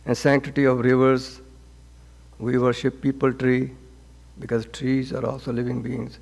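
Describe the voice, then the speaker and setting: A man as a swami teaching a scripture class, speaking gently and haltingly with frequent restarts and repeated words. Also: mid-range voice, level tone, vocal fry. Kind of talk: spoken scripture class with counseling advice. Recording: long reverb of a hall.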